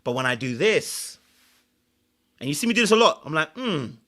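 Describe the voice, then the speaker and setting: A man's voice: on the high side, very animated, brisk, pushed and bright. A man hosting a reaction commentary, animatedly explaining body language in clips and repeating phrases for emphasis. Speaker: host and commentator.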